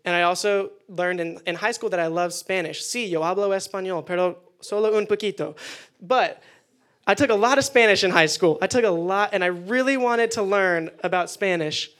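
A young man giving a casual youth sermon, animated and acting out quoted prayers. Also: sits high, normal speed. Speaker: youth pastor.

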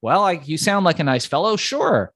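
A man's voice: sits high, sing-song, moderate pace, a bit bright, no echo, clean studio sound, voice pushed up, full character voice. A man voicing a friendly, chatty relative who answers the phone in a raised, folksy voice. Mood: obliging.

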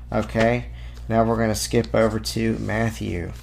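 A man's voice: on the low side, flat delivery, measured pace, creaky, a little hiss or hum. A man giving an informal apologetics talk. He reads scripture passages aloud and breaks off with casual asides and fillers. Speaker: Christian apologist.

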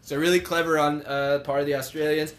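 A man's voice: on the high side, flat delivery, a little fast, a bit bright. A man co-hosting a casual podcast, rambling and laughing often, swearing casually. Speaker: podcast co-host.

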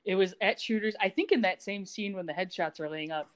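A woman co-hosting a podcast, chatting casually and telling stories in an animated, teasing way. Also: mid-range voice, a little fast. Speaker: podcast co-host. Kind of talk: casual chat recapping a TV episode.

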